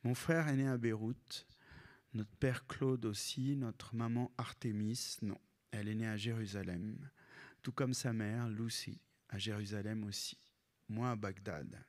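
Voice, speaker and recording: A man's voice: on the low side, steady tone, moderate pace. Male author, grew up in Lebanon, live reading with wry, self-correcting commentary. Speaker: comics author. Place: library event.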